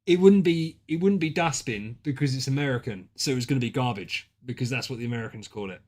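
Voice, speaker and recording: A British man streaming a drawing game, chatting casually with friends and reacting loudly to their guesses. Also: medium pitch, fast. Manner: excitable, banter-heavy and sweary, reacting to guesses. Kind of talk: casual gaming stream chat.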